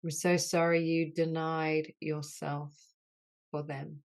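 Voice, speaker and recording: A woman leading a guided healing session on an online group call, speaking in slow, soothing, repeated phrases. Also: low voice, little pitch movement, vocal fry, a little mellow.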